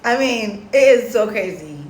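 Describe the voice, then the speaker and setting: A young woman telling a story casually to her followers, animated and slangy. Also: fairly high pitch, measured pace, slight background noise. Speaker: storytime vlogger. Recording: roomy echo, faint background.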